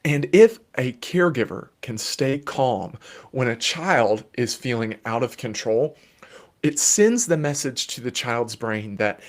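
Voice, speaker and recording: Man, children's therapist, live parenting Q&A, calm, explanatory, mid-pitched voice. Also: a little slow. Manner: calm, explanatory, gently playful.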